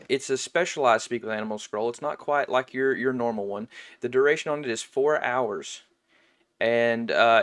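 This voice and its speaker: A man running a tabletop game as game master, with a voice of middling pitch. He narrates scenes casually, often halting and starting sentences over. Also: a bit bright, clear, resonant tone. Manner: halting, with many restarts and fillers.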